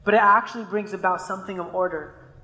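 A man's voice: sits high, steady tone, fast talker, sharp tone. Male pastor, conversational sermon, storytelling, long hall reverb, roomy sound. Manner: conversational preaching with stories, frequent "right?".

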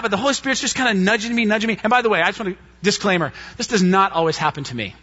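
A man telling a story from the pulpit, animated and quick to act out what each person said. His voice sits high and sounds bright and forceful. The recording is dull and muffled. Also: breathy edge. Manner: animated storyteller, acts out quotes. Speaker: pastor. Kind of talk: sermon storytelling.

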